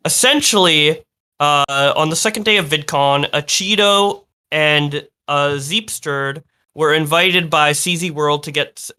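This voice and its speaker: A man's voice: fairly high pitch, bright, forceful tone, smooth. A man co-hosting a podcast, recounting a story in casual chat with hesitant fillers and quoted voices. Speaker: podcast co-host.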